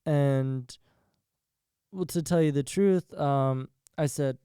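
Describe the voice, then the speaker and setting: A man's voice: mid-range voice, takes it slowly, warm tone, clean tone, dry recording, clean studio sound. A young man hosting a solo podcast, talking in a rambling, profane way and laughing at his own jokes. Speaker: podcast host.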